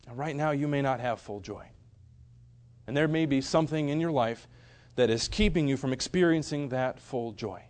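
A young man preaching a sermon in an earnest way, swinging from loud emphasis to soft, hushed storytelling. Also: mid-range voice.

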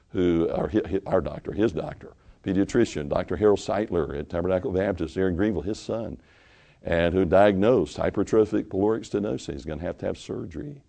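A middle-aged man preaching a sermon, swinging from loud emphatic stretches to quiet asides. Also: deep voice, gravelly. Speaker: pastor.

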